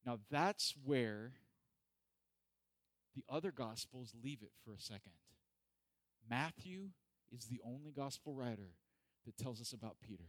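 Animated joking man preaching. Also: mid-range voice, measured pace, no room sound. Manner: animated, joking, acts out voices. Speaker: pastor. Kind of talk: casual sermon. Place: church hall.

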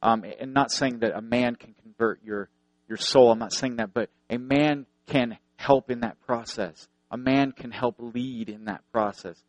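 A man's voice: medium pitch, fairly even intonation, a little slow, no echo, poor audio. Earnest male preacher, dry close sound. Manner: earnest, repeats phrases for emphasis, tells anecdotes. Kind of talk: sermon.

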